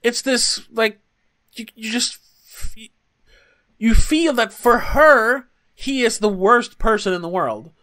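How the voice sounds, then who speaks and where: A man co-hosts a film podcast in loose conversation. He talks with animated energy and drops the odd curse. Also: very high-pitched, takes it slowly. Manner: animated, swearing, acts out quotes. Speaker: podcast co-host. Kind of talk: casual film review chat.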